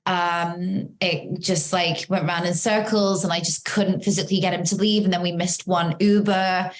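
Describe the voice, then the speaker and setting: A young woman hosting an interview, chatting casually and telling a story in an animated way with lots of "um" and "like". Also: lowish voice, moderate pace. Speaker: host.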